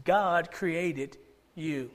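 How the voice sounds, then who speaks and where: A man's voice: fairly high pitch, very slow. A man with a Georgia Southern accent preaching a sermon as pastor, emphatic and repeating key phrases for stress.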